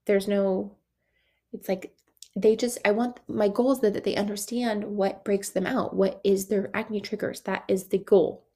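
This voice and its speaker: A young adult esthetician coach hosts a podcast by herself, using a mid-range, dark voice with fairly even intonation at a measured pace. She talks casually with many "like"s, laughing often and acting out conversations.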